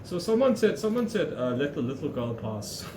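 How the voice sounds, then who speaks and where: A man's voice: fairly high pitch, sing-song, moderate pace, background noise. A young man on a podcast, chatting with amusement and chuckling. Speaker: podcast co-host. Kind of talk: casual chat.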